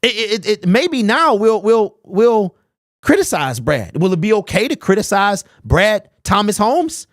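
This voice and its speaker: Blunt ranting high-voiced man, dry close mic. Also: very animated, moderate pace, hardly any pauses, no echo. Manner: blunt and ranting, with rhetorical questions. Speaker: host. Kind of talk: live-stream sports talk, reading chat.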